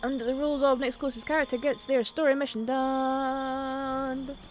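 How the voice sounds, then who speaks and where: A woman's voice: sits high, flat delivery, moderate pace. A woman streaming a game, chatting casually, swearing freely and reading dialogue aloud. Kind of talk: casual gaming stream chat. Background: faint game music.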